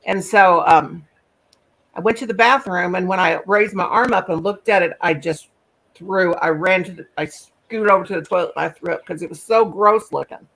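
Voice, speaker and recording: A woman's voice: on the low side, gravelly, fairly bright tone. A woman hosting a live stream, chatting casually and telling a rambling story. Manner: rambling storyteller, quick asides, folksy. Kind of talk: casual chat.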